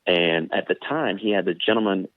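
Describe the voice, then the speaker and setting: A man's voice: moderate pace, no room sound, phone-quality sound. A former sprinter telling stories casually in an interview, acting out the people he quotes. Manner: animated, acts out quoted voices with big pitch jumps.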